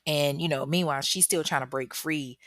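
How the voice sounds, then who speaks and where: Casting: low-voiced woman podcaster, profane, slangy, dry close mic. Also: brisk, fairly bright tone, no room sound. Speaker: true crime podcast host. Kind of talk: casual true crime storytelling.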